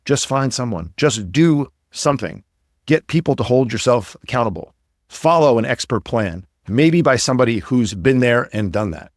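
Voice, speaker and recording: A podcast host and coach talks in an upbeat, motivational, rambling way, his medium-pitched voice lively in intonation and moving at normal speed. The casual podcast talk has clean studio sound with no room sound.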